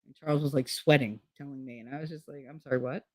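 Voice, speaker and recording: A woman's voice: very deep voice, fairly even intonation, quick pace, no room sound. A middle-aged woman from Hoboken, telling stories in blunt, profane casual chat on her channel. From Hoboken, New Jersey. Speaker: channel host.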